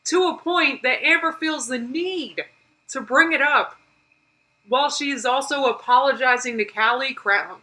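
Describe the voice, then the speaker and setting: Hosting a live reaction stream, this American woman speaks a little slowly in a strong, bright, somewhat high voice. She answers the clip with frustration, asks for evidence, and laughs as she reads comments from viewers, all on a rough recording.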